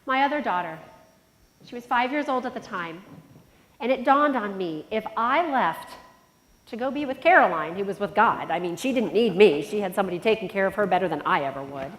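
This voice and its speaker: A middle-aged woman speaks at a conference, telling her own story in a heartfelt, reflective way, with sudden lifts in pitch and volume. Her voice sits in an ordinary middle range. A long reverb trails after her words in a large hall. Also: lively intonation, fairly quick, slight background noise. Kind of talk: personal storytelling speech.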